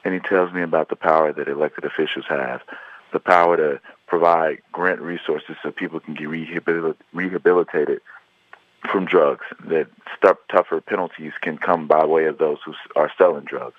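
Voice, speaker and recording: A man's voice: very deep voice, steady tone, moderate pace, no echo. A man from Chicago, a guest author, telling his life story earnestly in an interview. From Chicago, USA. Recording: tinny phone line.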